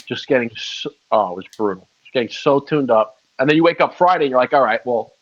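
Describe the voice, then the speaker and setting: A man's voice: medium pitch, expressive, fast. Rambling man on a lo-fi recording. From Long Island, New York. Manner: rambling storyteller, swears freely. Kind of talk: casual chat. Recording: dull lo-fi sound.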